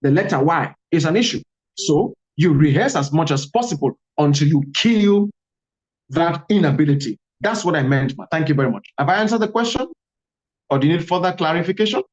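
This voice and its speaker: A man from Calabar, Nigeria, with a Nigerian accent, giving an animated workshop talk on pronunciation and repeating key words for emphasis. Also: fairly high pitch, brisk, muffled recording. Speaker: guest speaker.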